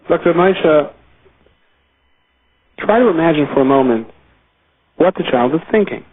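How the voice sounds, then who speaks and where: Rabbi giving his weekly torah class, bit high and husky, sounds like a phone line. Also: fairly quick, pauses often. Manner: explanatory, stretches key words. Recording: tinny phone-line audio.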